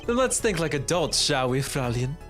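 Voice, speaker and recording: A man's voice: on the high side, sing-song, moderate pace, music in the background. A man voicing a flamboyant, condescending male prosecutor in a fan-dubbed courtroom game, theatrical and over-articulate. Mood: mocking.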